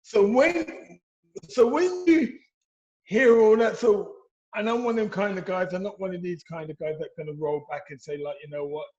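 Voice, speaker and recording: High-voiced middle-aged man, animated storyteller. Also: normal speed, dull audio. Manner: animated storytelling with repeated restarts. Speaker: interview guest, former boxer. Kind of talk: casual interview.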